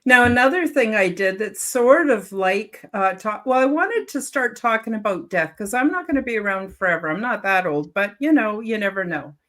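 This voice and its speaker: A woman in her seventies hosting a panel over a video call, talking in a rambling, halting way with lots of fillers and restarts. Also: medium pitch, expressive, a bit bright. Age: 70s. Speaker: show host. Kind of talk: casual panel chat.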